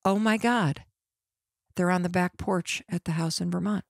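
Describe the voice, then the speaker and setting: A middle-aged woman hosting a podcast, telling a personal story in an animated, dramatic way. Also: on the low side, moderate pace, gravelly, no echo, clean studio sound. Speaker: podcast host.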